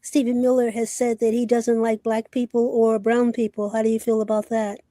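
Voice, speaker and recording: A woman's voice: a little high, level tone, normal speed, dark tone, no room sound. A woman who hosts and produces a talk show, asking her guest blunt, direct questions. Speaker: host and producer. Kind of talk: interview host.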